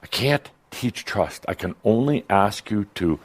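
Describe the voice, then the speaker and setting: A man's voice: on the low side, expressive, measured pace. A man giving a channeled spiritual talk to a live audience, playful and teasing, laughing at his own jokes and often restarting his sentences.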